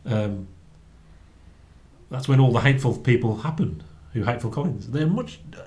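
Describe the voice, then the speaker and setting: Chatty man, quick to laugh. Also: mid-range voice, lively intonation, warm tone. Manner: chatty, laughs often, repeats words while thinking. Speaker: book review co-host. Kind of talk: casual chat.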